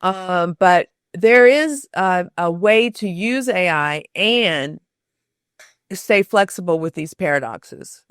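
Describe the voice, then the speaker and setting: A woman guest on an interview podcast, answering thoughtfully, pausing on many fillers and restarts. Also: on the low side, expressive, clean tone, dry recording, clean studio sound. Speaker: podcast guest, storytelling author. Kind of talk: conversational interview.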